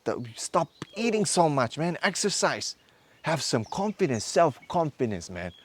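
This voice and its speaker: A man in his thirties giving an impassioned motivational lecture as a men's course instructor, hectoring his listeners with rapid-fire rhetorical questions. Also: a little high, very animated, slight background noise. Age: 30s.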